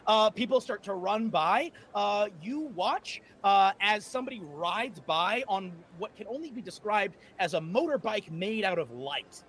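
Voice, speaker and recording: A man narrating as game master of a tabletop game, lively, with frequent fillers and laughs. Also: sits high, measured pace, hardly any pauses. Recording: faint background noise.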